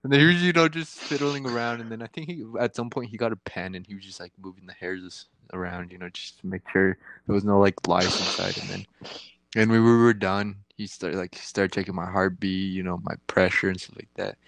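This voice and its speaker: A man's voice: low voice, steady tone, a little fast, creaky, fairly bright tone, dry recording. A young man telling a crude story in casual chat, rambling and slangy, laughing at his own jokes.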